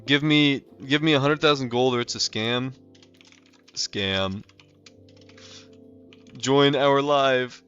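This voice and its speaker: A man's voice: medium pitch, measured pace, bright, forceful tone. A young man from North America chatting casually while playing a game live, rambling with lots of fillers. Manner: loose and rambling, heavy on fillers like "like" and "um". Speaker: livestreamer. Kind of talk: casual live gameplay chat. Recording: slightly muffled stream audio with faint music.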